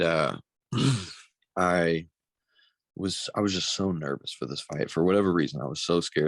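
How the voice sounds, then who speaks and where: Deep gravelly young man, blunt and profane. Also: dry recording. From Missouri, United States. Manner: blunt and profane, emotional, choked up at times. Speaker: pro MMA fighter, guest. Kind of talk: candid interview talk.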